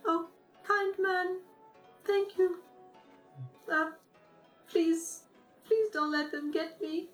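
A woman voicing a terrified, sobbing girl of about ten who pleads in a high, tearful voice in a tabletop role-play game. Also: fairly even intonation, extremely slow, long pauses, faint music behind, heavily acted. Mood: grateful, frightened.

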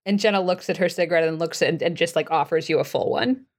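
A woman game master narrating a tabletop role-playing scene in a relaxed, hesitant way, with many fillers. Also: lowish voice, fast.

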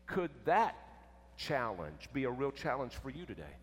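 A man preaching a sermon, emphatic, swinging between loud and hushed. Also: medium pitch, sing-song, normal speed, husky. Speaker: pastor. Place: church sanctuary. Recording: echoey church with long reverb.

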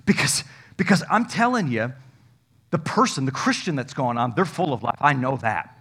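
A male pastor preaching a sermon, emphatic and folksy, joking with the congregation and swinging from loud to hushed. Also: mid-range voice, very animated, moderate pace, slightly rough.

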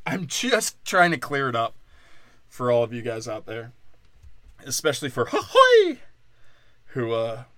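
A man delivering a crude, mocking comedic rant, full of profanity and fast tangents. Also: mid-range voice, fairly bright tone, no room sound.

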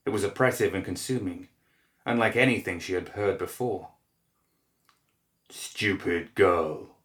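A man narrating a dark fantasy story in a measured, grave manner, recorded in an echoey room. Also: lowish voice.

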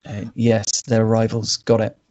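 A man's voice: on the low side, completely flat delivery, a little slow, a little mellow. A man co-hosting a podcast, chatting casually about films and dropping dry, wry remarks. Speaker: podcast co-host. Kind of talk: casual film review chat.

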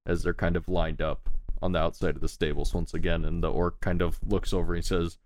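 A man's voice: low voice, flat delivery, a little fast, no room sound. A man running a tabletop game as game master, narrating in a loose, laid-back way with casual swearing.

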